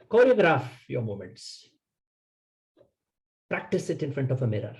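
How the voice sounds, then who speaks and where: A man's voice: a little high, darkish tone, low-quality recording. A man giving a public speaking workshop lecture, emphatic and coaching, in short instructive sentences.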